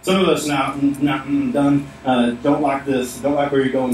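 A man preaches a sermon in a church, driving his points home through repetition. His voice sits at an ordinary pitch. It rings through a very reverberant room and sounds somewhat distant from the mic, with faint ambient noise behind him. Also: steady tone, normal speed, darkish tone. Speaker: pastor. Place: church sanctuary. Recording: echoey hall, mic at a distance.

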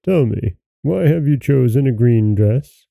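A man voicing a suspicious, quick-tempered old king in a fairy tale reading, with a gravelly, very dark voice. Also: mid-range voice, animated, no echo. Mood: questioning. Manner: stern, demanding questions.

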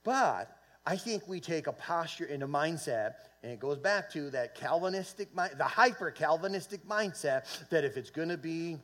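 High-voiced man preaching fervently. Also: lively intonation, moderate pace, a bit bright. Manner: fervent preaching with swells of volume and call-and-response; repeats words and restarts often. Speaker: pastor. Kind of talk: sermon. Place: church sanctuary.

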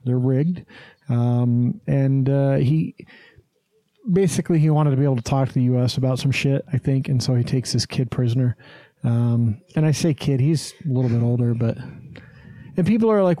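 A man's voice: medium pitch, normal speed, warm tone, dry recording. A man hosting a podcast in casual chat, blunt and rambling, swearing freely. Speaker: podcast host.

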